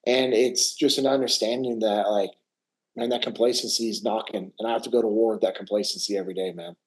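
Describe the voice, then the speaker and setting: A man's voice: on the low side, fast talker, poor audio. A middle-aged man, a former Navy SEAL, talking as a podcast guest in a casual interview, telling stories animatedly and dropping "bro" and "man" constantly. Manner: animated storyteller peppering speech with "bro" and "man".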